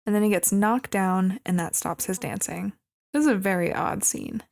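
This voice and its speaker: A woman co-hosting a movie podcast, walking through the story in casual chat. Her voice is mid-pitched with a steady gravelly fry. She adds wry, amused remarks about how odd the plot is. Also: normal speed. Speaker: podcast co-host.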